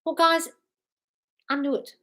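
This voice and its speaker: A woman's voice: extremely high pitch, little pitch movement, measured pace, pushed and bright. An Australian woman hosting a live-stream Q&A, reading out comments and answering bluntly but affectionately, calling listeners darling. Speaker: manifestation coach.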